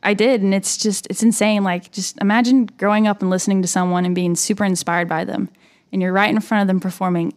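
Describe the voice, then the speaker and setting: A woman in her twenties, a singer-songwriter, chatting quickly and brightly as an interview guest. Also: mid-range voice, steady tone. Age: 20s. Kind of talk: casual interview chat.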